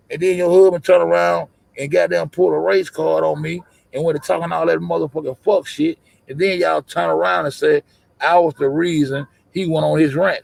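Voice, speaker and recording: Gravelly man ranting on a livestream. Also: on the high side, a little mellow, dry recording. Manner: profane, confrontational, repetitive. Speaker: livestream host. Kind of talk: heated livestream rant.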